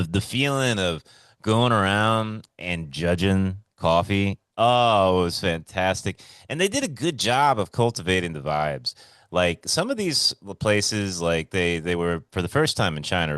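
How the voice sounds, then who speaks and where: A man's voice: sits low, animated, measured pace, fairly bright tone, clear, resonant tone, no room sound, clean studio sound. A man co-hosting a podcast over a remote call, telling stories in a laid-back, swearing, casual way. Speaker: podcast co-host. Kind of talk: casual chat.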